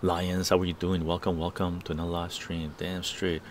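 A man's voice: low voice, level tone, normal speed, a little hiss or hum. A man from Canada hosting a casual live stream from an outdoor patio garden, rambling and tagging his sentences with "right?". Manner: rambling, tag questions like "right?". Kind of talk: casual chat.

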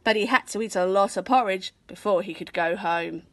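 A woman reading a children's picture book aloud in an expressive, storytelling manner. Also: mid-range voice, fairly quick, a little hiss or hum. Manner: expressive, sing-song storytelling. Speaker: storybook reader.

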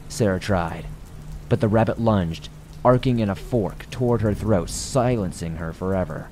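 A man narrating a horror story with measured, hushed storytelling. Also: lowish voice, a little hiss or hum.

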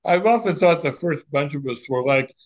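A man's voice: on the high side, moderate pace, poor audio. Older man telling stories candidly. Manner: animated storyteller, candid and reflective. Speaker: former monk. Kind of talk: reminiscing conversation.

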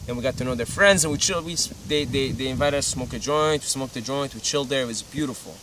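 A man's voice: mid-range voice, fast, sharp tone. Young man from Syria, easygoing vlogger, chatty and meandering, recorded from a slight distance with faint ambient noise. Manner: laid-back, rambling, peppered with "you know" and "right". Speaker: vlogger giving advice. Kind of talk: casual advice monologue.

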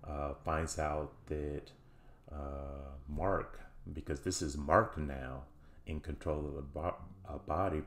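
Guy with a super low monotone voice, slow, lots of ums while he recaps a show. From United States. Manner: halting, many ums and uhs and restarts. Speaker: show host reviewing a TV series. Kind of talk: casual recap and commentary.

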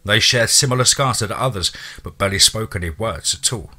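Husky man narrating a horror tale. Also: fairly low pitch, fairly quick, sharp tone. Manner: casual, profane. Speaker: storyteller. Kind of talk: first-person horror story narration.

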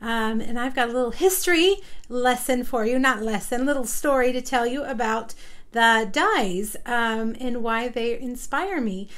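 A woman's voice: on the high side, a little slow, a bit bright. A woman hosting a casual live craft stream from home, chatty and rambling as she greets viewers by name. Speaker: papercraft livestream host.

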